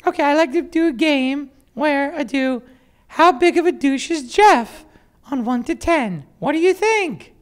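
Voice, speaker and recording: A man putting on a high, shrill impression of an English woman, loud and drawn out. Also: huge pitch swings, normal speed, hardly any pauses, heavily acted. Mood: mock-sweet. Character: squealing high put-on English woman, teasing.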